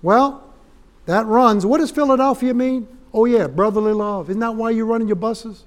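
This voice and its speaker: Preacher guy, high voice, folksy, gets loud and fired up in church. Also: moderate pace. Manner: folksy, rising to shouted emphasis. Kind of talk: fiery sermon.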